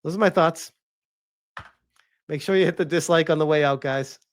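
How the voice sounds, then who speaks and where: A man giving a casual, animated vlog review, rambling and laughing often. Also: a little high, normal speed. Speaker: video reviewer.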